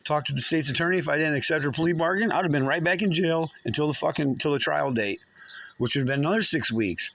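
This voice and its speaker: A man's voice: a little high, vocal fry, fairly bright tone. A man telling his own story in an angry, rambling monologue, swearing often and stumbling through many restarts. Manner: profane, agitated, halting with many restarts.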